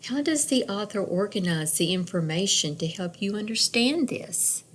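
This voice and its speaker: A woman teacher reading a picture book aloud to young children, slow and expressive, pausing to imitate bird calls and ask questions. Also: medium pitch, a little hiss or hum.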